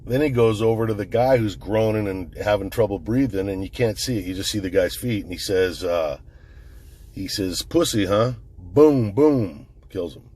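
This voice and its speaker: A firearms commentator recounts an incident in rambling, casual talk recorded on his phone, swearing often and frequently restarting his sentences. His voice is lowish, warm, and a little breathy, at normal speed.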